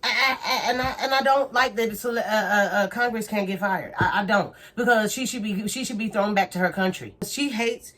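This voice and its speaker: An indignant woman rants to camera in a mid-pitched voice. She repeats herself, stumbles on restarts and throws out rhetorical questions. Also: moderate pace, few pauses, fairly bright tone. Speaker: commentator. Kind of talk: ranting opinion video.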